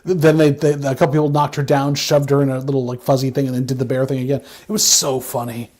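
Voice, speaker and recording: A man co-hosting a casual wrestling recap, animated and rambling with frequent restarts. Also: mid-range voice, fast. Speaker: podcast co-host.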